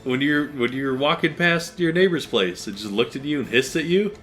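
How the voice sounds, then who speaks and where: Young guy chatting over a game, bouncy pitch, bright tense tone, does little voices, faint music. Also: moderate pace. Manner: animated, acts out voices in his stories. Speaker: let's play co-host. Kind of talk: casual gaming chat.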